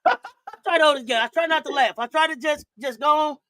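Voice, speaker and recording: A woman's voice: sits high, quick pace, sharp tone. A woman co-hosting a casual live stream, giggling, laughing through her words and repeating phrases. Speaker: co-host.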